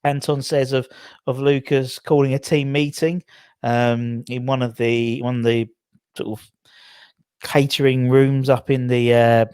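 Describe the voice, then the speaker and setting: A man's voice: mid-range voice, flat delivery, a little slow, a little mellow, smooth, no room sound, clean studio sound. A man hosting a casual football chat, telling stories in a rambling way with lots of fillers and restarts. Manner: chatty, rambling storyteller with frequent fillers and restarts. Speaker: podcast host.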